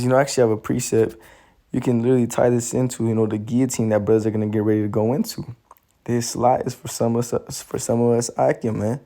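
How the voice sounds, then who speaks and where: A man's voice: medium pitch, vocal fry, mellow. A man casually recounting a vivid dream, loose and slangy, full of "you know" and "man". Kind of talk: casual storytelling.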